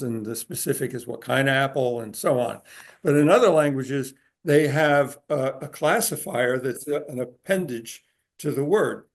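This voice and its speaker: A man giving a talk to a group in a room, explaining at an easy pace with frequent filler pauses. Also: mid-range voice. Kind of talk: conversational lecture. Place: room with a live audience.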